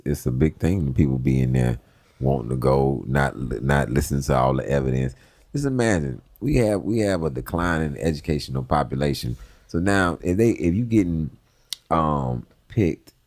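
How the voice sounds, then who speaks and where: A man's voice: rumbling low, a little mellow. A man co-hosting a podcast, chatting casually and restarting phrases often. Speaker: podcast co-host. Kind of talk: casual chat.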